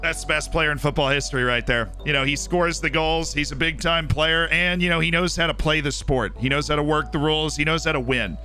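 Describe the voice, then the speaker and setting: A man chats through a livestream of his game with a sharp, bright edge to his voice. He sounds a bit worn out, his voice fraying after long hours, yet he stays upbeat and thanks viewers by name. Faint music plays behind him. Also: fairly high pitch, fairly even intonation, a little fast, hardly any pauses. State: tired, voice starting to go. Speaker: streamer. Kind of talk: casual game livestream commentary.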